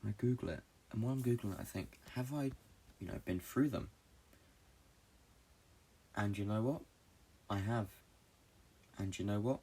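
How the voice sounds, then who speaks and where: A young man from Britain hosting a solo podcast, talking in a halting, low-key, confessional way and swearing often. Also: warm tone, breathy edge. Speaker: podcast host. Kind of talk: rambling solo podcast monologue.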